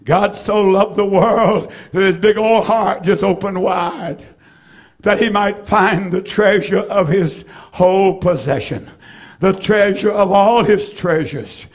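Man, preacher, high voice, rhythmic repetition, shouts then hushes. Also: takes it slowly. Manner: rhythmic repetition, dramatic swings between shouts and hushed lines. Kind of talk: sermon.

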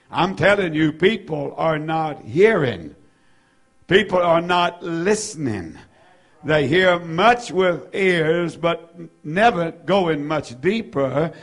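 Slow, emphatic preacher, fairly high voice. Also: male voice, faint music behind. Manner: slow, emphatic preaching with drawn-out repeated phrases; reads scripture in old-fashioned wording. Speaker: pastor. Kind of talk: sermon.

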